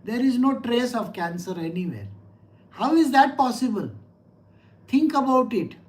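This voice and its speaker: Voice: medium pitch, darkish tone. Middle-aged scripture teacher. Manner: conversational, asks listeners rhetorical questions and tells personal anecdotes. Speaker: spiritual teacher. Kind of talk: scripture lecture.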